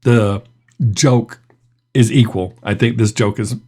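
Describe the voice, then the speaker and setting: A man's voice: on the low side, fairly even intonation, slow pace, very noisy. A middle-aged man hosting a reaction video, telling stories in a chatty way and laughing often. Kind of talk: casual reaction commentary.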